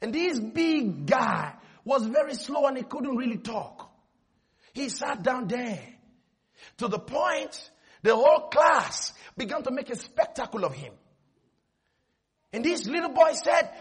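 A man with a high, husky voice preaches a sermon to his congregation in full flight. His bright, edgy delivery swings from quick, animated storytelling into loud shouted calls for a response, often shouting.

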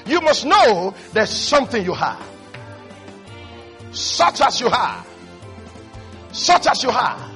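A man preaching with a high, bright voice that rings out. He delivers an animated sermon, dropping to hushed tones and then rising to shouts, over faint music. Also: slow, long pauses. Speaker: pastor. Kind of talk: energetic televised sermon.

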